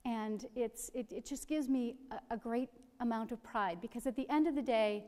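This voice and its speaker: A woman's voice: fairly high pitch, moderate pace. Middle-aged woman telling a story in a reverberant hall. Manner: gentle, humorous storytelling. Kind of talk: personal storytelling.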